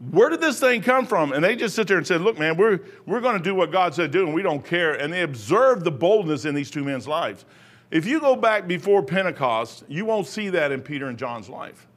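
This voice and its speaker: A middle-aged man delivers a sermon in a high voice. He drifts off the passage into joking stories from his own life, then circles back to the scripture. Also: fairly bright tone. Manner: rambling, jokey asides. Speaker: preacher.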